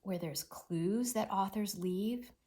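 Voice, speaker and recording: A woman's voice: medium pitch, slow, warm tone. A woman teacher giving a read-aloud reading lesson, talking expressively to children.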